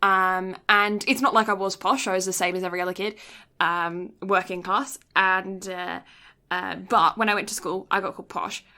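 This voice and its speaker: A woman from England whose English accent carries a Canadian lean chats loosely on a podcast. Her voice is bright and clear, and she wanders from point to point with plenty of fillers and asides. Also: mid-range voice, fairly even intonation, normal speed. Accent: English, mixed with Canadian. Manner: chatty, rambling, lots of fillers and asides. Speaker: podcast co-host. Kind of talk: casual podcast chat.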